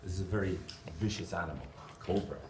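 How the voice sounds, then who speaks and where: A man's voice: low voice, fast talker. A man with an Irish accent giving a playful, humorous conference talk, explaining his drawings as he goes. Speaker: conference speaker. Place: large conference hall. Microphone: distant camera. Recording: echoey hall from far off, noisy.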